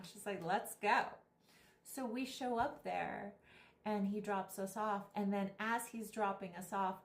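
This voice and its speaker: A woman vlogger and spiritual guide who tells a story animatedly and acts out the people she quotes. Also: mid-range voice. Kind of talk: storytelling vlog. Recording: echoey room.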